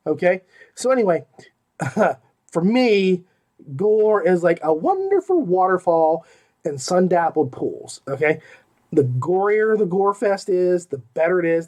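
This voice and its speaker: A middle-aged man hosting an audiobook review podcast, rambling and emphatic, with many asides and repeated "okay?". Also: high voice. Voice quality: animated, emphatic, swings between loud exclamations and mumbled asides. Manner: rambling and self-interrupting, with repeated 'okay?' and 'like'. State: hiccuping. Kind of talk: casual spoken book review.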